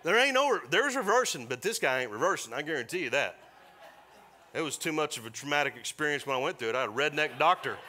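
A middle-aged man preaching a sermon as pastor, animated and mixing scripture with joking asides. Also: fairly high pitch, fast. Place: church service.

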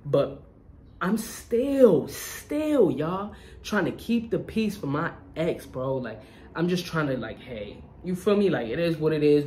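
A young adult vlogger tells a casual storytime in an animated, slangy way, often turning to listeners to check they follow. The voice sits at a middle pitch. A faint hiss runs under the recording. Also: normal speed.

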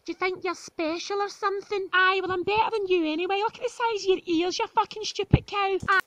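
A woman's voice: steady tone, quick pace, a bit bright, no echo, rough recording. A woman with a Scottish accent voicing a rude, foul-mouthed cartoon piglet girl in a parody dub. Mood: insulting. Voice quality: squeaky, crude, insulting.

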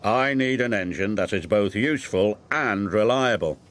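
A man's voice: lowish voice, lively intonation, normal speed, noisy background, natural voice. A man voicing a stout, stern railway boss in a children's cartoon, speaking firmly and businesslike.

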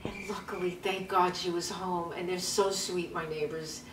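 A woman's voice: lowish voice, fairly even intonation, moderate pace. A woman in her seventies hosting her own vlog, telling a personal story in a chatty way, often repeating words and laughing nervously. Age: 70s. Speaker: vlog host. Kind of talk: casual storytelling. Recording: roomy sound from a distance, faint noise.

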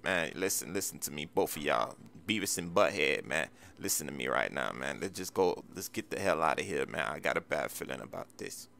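Suspicious roleplayer, very low gravelly voice with a bright edge. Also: male voice, animated, a little fast, few pauses, a little hiss or hum. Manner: suspicious, teasing. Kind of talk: casual game roleplay.

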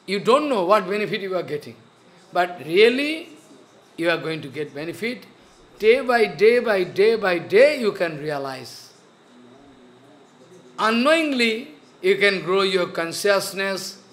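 A man giving a spiritual sermon, slow and earnest, repeating his phrases. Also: high voice, sing-song, a bit bright. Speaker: spiritual teacher.

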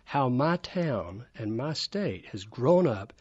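A man in his fifties from Alabama with a Southern accent tells anecdotes eagerly as a guest on a radio show. His voice is husky and the sound is dry and a bit dull. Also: mid-range voice, very animated, slow pace, a little mellow, dry recording. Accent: Southern American. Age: 50s. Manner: enthusiastic, anecdotal. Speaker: studio guest. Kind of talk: casual storytelling. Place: radio studio.

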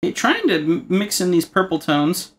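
A man's voice: high voice, sing-song, moderate pace. A man hosting an art tutorial, talking casually and cracking rambling jokes while he draws. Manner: joking, rambling asides. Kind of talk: casual narration while drawing.

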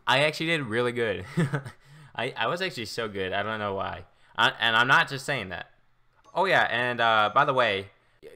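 A man giving excitable, boastful live commentary while playing a video game as a gaming YouTuber. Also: medium pitch.

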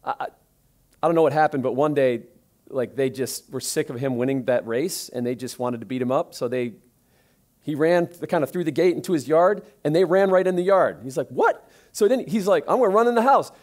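A man delivering a sermon as a pastor, telling stories in a conversational way and growing more animated as he tells them. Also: medium pitch, brisk.

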